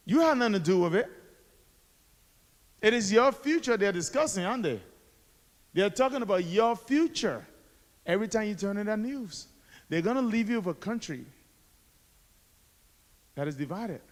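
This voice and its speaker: Addressing a school assembly, a man in his forties from Liberia, an author and activist, recounts his story to motivate the students and throws rhetorical questions at them. His high voice is expressive, he keeps a moderate pace with frequent pauses, and the hall echoes.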